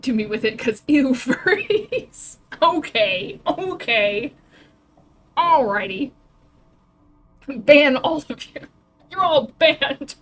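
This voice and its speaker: A woman's voice: sits high, animated, takes it slowly, long pauses, faint music behind. A woman streaming a game live, reacting dramatically and laughing as she reads the game text aloud.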